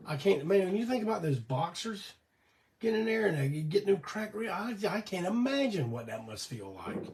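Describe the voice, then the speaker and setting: Older man hosting a home livestream, gravelly and worn-out voice, a bit high, folksy rambling, mic set back. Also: very animated, moderate pace, a little mellow, far from the mic. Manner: rambling, folksy, swears casually. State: weak voice from illness and cough syrup. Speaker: host of a weekly live show. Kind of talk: casual storytelling on a livestream.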